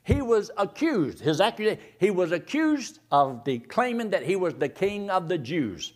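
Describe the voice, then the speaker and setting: A male preacher delivering a sermon, firing rhetorical questions and reading scripture slowly, swinging between loud emphasis and hushed tones. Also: sits high, big pitch swings. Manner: reads scripture slowly and deliberately.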